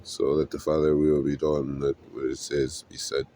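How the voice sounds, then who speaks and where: A man giving an earnest, emotional devotional Bible reading, pausing as he goes. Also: extremely low pitch, flat delivery, dark tone, a little hiss or hum. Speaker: scripture reader.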